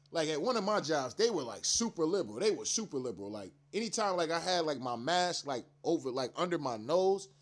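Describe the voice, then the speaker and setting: Profane, slangy high-voiced male ranter. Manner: slangy, emphatic, rambling with frequent restarts and laughs. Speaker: commentary channel host. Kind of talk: casual profane rant to camera.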